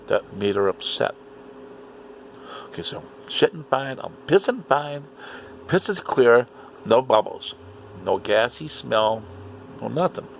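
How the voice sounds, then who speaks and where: A man telling a story in an animated, indignant rant, swearing often. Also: medium pitch, gravelly, slight background noise. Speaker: vlogger. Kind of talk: casual ranting monologue.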